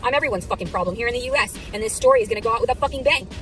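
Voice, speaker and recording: A lively, fairly bright, rather high female voice tears through an angry monologue to camera at a racing pace, faint music behind her. She's a vlogger in a filmed clip, furious and ranting, her speech thick with profanity.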